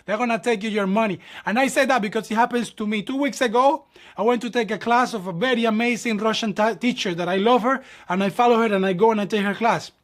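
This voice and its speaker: The young man, a New York ballet dancer and channel host, talks fast in a high-pitched, fairly bright voice. His casual chat is animated, full of acted-out dialogue, and he calls his audience "my people."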